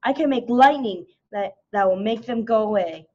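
Brief: a show-off storybook magic chicken, as a woman reading aloud puts it on, loud and bragging, dull lo-fi sound. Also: medium pitch, normal speed, slight background noise, close to an everyday voice.

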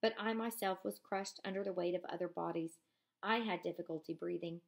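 A woman teacher reading a novel aloud in a measured voice, pausing for casual comments to her class. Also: on the low side, fairly even intonation, creaky.

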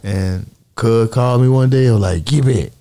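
A man's voice: medium pitch, moderate pace, over a noisy crowd. A man as an interview guest, telling stories in casual talk and acting out quotes in other voices. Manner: animated storyteller, acts out quotes in voices.

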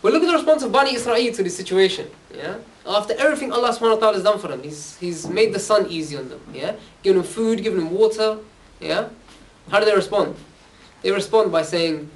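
Young male preacher, chatty and informal, high-pitched, recorded from far off. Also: quick pace. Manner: chatty, keeps asking "yeah?". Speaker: Islamic preacher. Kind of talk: casual talk to young audience. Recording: voice from far off the mic.

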